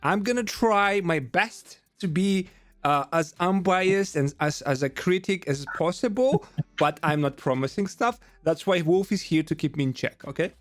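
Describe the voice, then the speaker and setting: A man hosting a casual film review chat, eager and excitable. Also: high-pitched, normal speed, no echo. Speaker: channel host.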